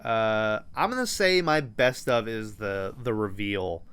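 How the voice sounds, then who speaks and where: A man's voice: lowish voice, expressive, slow pace, fairly bright tone, smooth. A man hosting a podcast, recapping a movie in loose, profane storytelling full of "um" and "like". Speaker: podcast host.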